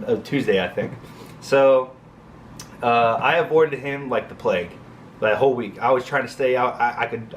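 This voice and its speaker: A man's voice: medium pitch, a little hiss or hum. A man in his thirties casually telling a long military story, rambling with lots of fillers and jokey asides. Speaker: Air Force crew chief telling a story.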